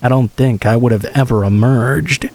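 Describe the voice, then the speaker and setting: Mellow-voiced man narrating horror stories. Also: mid-range voice, normal speed. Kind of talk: scripted horror story narration.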